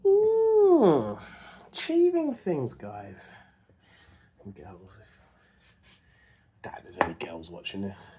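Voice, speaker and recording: A man's voice: on the low side, huge pitch swings, takes it slowly, pauses often, mellow, lo-fi sound. A man chatting casually to the camera as he works on an old car in his home workshop, joking at his own expense and talking to himself. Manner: self-deprecating, chatty, talks to himself while working. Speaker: car restoration vlogger. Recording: noisy workshop with dogs barking.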